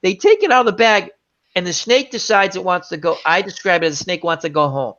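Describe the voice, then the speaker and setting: Here the chat show host, a man, tells a lengthy wandering anecdote full of tangents, his voice sitting high and moving fairly fast. He sounds animated, and the recording has a muffled lo-fi quality.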